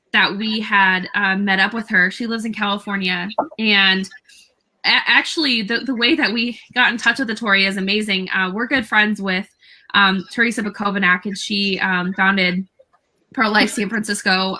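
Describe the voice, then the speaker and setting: A young woman, a guest on a talk show, telling a story casually with many fillers and lively quoted dialogue. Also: mid-range voice, rough recording.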